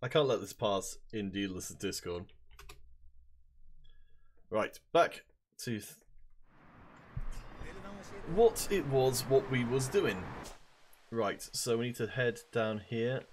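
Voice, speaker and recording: Lively man narrating a game. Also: mid-range voice, takes it slowly, pauses often, slight background noise. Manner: reads game dialogue aloud in put-on voices. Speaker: let's play host. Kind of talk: casual let's play commentary.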